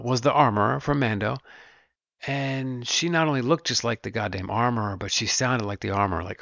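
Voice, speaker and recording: A man in his thirties hosting a podcast, doing a casual solo rant that is animated and profane, now and then slipping into playful put-on voices. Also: medium pitch, vocal fry, no echo, dull audio. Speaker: podcast host.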